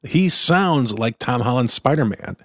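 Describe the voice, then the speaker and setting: A man's voice: medium pitch, lively intonation, measured pace, fairly bright tone, no echo, studio quality. A man hosting a podcast, giving a casual, chatty and enthusiastic film review full of opinions. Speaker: podcast host.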